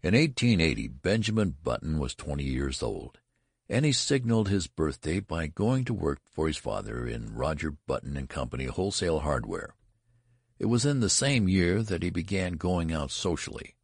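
A man reading a story aloud as a narrator, in a measured and even manner. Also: extremely low pitch, vocal fry, husky, no echo, clean studio sound. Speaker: audiobook narrator. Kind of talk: scripted narration.

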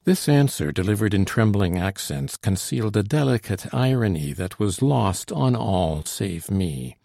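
A man reading a classic historical novel aloud as narrator, in a measured, old-fashioned storytelling manner. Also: on the low side, lively intonation, creaky, dark tone, no echo, studio quality.

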